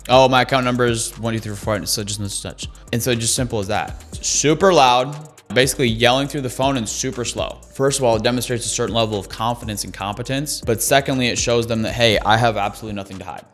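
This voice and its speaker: A man's voice: mid-range voice, quick pace, fairly bright tone, soft background music. A man giving sales training in an emphatic, conversational way, repeating his key phrases. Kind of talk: coaching talk on sales calls.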